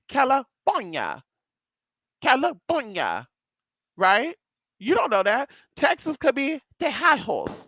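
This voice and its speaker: A sassy vlogger voice with a lively, swooping pitch that rises and falls all the time. The speaker talks bluntly to viewers, swears freely and calls people "girl" and "honey". The sound is close and dry, with no room echo. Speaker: spiritual vlogger. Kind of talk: casual monologue to viewers.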